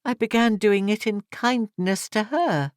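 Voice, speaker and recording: A man's voice: sits high, measured pace, smooth, no room sound, voice pushed up. A grief-stricken young woman pleads and trembles on the edge of tears, as a man reading the story puts her on. Her voice sits far above his own and moves unhurriedly. The recording is close and dry, with no room sound. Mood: pleading. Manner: pleading, tremulous. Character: anguished young woman, tearful and guilty. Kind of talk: audiobook character voice.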